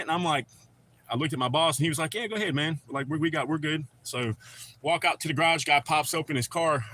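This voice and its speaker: A bright, forceful-sounding man, rambling easily through a live chat. He talks in loose slang and greets people as he goes. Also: medium pitch. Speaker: livestream host. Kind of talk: casual live chat reading comments.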